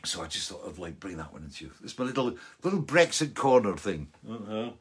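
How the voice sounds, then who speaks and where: A man's voice: fairly low pitch, big pitch swings, brisk, husky. A Scottish man in his sixties, a musician hosting a fan Q&A show, chatting casually and rambling with lots of asides. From Scotland. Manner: loose and chatty, full of fillers and asides.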